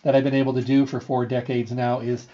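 A middle-aged man hosting a health show, telling a story in an earnest, repetitive way with lively energy. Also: medium pitch, brisk. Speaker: radio show host and health food store owner. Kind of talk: casual storytelling monologue. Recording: slightly dull, lo-fi sound.

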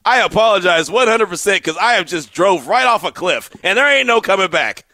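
A middle-aged man hosts a radio show in casual, animated banter. His voice sits very high and bright. The sound is dry and close to the mic. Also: a little fast, dry recording. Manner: animated, teasing, laughs often.

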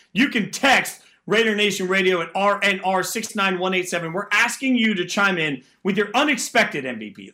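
A man's voice: sits high, sharp tone. A man hosting a sports talk radio show, talking energetically about football and taking callers. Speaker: radio host.

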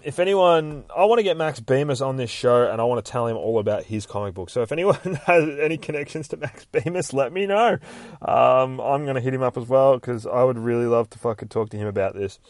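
A man hosting a podcast, recapping a comic book casually, excitable and swearing heavily, with self-mocking asides. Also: medium pitch, no echo. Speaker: podcast host.

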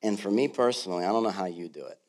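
A man in his thirties, a pastor delivering a sermon in a church, moving from quiet storytelling to loud, fervent preaching. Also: fairly low pitch, racing. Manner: builds from soft storytelling to loud passionate preaching. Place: church sanctuary.

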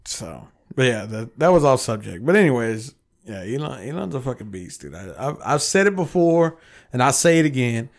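A man's voice: mid-range voice, moderate pace. Man, casual podcast chat, profane, acts out quotes. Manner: profane, animated storytelling with voiced quotes. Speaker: podcast co-host.

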